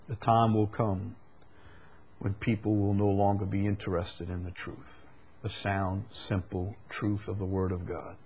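A man preaching a sermon to a congregation in a church. He moves between loud, emphatic peaks and low, quiet passages, and puts rhetorical questions to his listeners. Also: level tone, a little slow, husky. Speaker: pastor.

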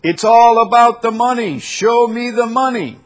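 A man doing a brash middle-aged preacher, pitched well above his usual voice and pushed loud. He taunts and scolds, hammering his demands for money. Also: unhurried, soft background music. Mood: taunting.

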